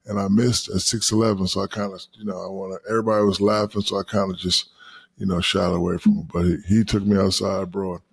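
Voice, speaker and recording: Husky-voiced man telling profane stories. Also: sits low, fast. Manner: animated, profane, acts out quotes. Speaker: guest, retired basketball star. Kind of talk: casual storytelling.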